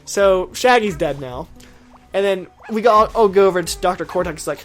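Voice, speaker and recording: A young woman telling a playful made-up story while playing a game with a friend. She is animated and teasing, and she throws in character voices. Faint game music sits behind her. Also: fairly low pitch, moderate pace. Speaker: let's play co-host. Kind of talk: playful storytelling over gameplay.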